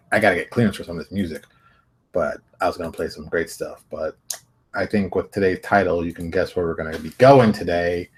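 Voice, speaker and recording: A man's voice: sits low, husky. A man hosting his own solo show, talking in a brash, joking and self-mocking way. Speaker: show host. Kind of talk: solo livestream talk.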